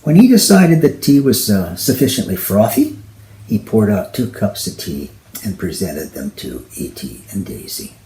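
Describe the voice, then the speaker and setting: A man's voice: lowish voice, a little hiss or hum. A man telling an original travel story to an audience, voicing the characters as he goes. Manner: slow, lively, voicing characters. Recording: echoey room.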